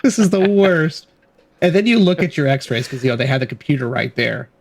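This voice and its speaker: A man co-hosting a podcast, telling stories in an animated, casual way and swearing freely. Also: medium pitch, quick pace, creaky, husky. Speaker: podcast co-host. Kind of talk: casual chat.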